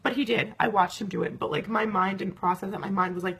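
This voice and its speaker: A woman's voice: medium pitch, fast talker, gravelly, breathy edge. A young woman recounting a night out in a casual vlog, swearing often and filling her talk with "like". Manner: animated, swearing, many fillers.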